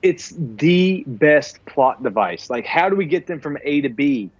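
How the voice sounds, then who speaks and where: A man's voice: fairly high pitch, expressive, unhurried, husky, no echo, highs cut off. A man co-hosting a podcast, casually and profanely retelling movie scenes. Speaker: podcast co-host. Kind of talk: casual movie-review chat.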